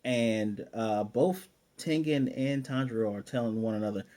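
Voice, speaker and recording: A man's voice: mid-range voice, normal speed. A man casually recapping an anime episode, retelling scenes with lots of fillers and restarts. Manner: excited storytelling with frequent fillers and restarts. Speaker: anime reviewer.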